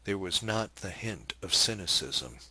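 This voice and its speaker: Deep, slow-reading male narrator. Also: expressive, pushed and bright, husky, dry recording. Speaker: audiobook narrator. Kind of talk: scripted narration of a novel.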